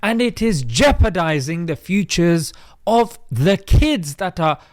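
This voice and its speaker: A man's voice: high voice, lively intonation, slow pace, no echo, clean studio sound. A British man hosting an opinion commentary vlog, preachy and chatty, calling his viewers mate. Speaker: host.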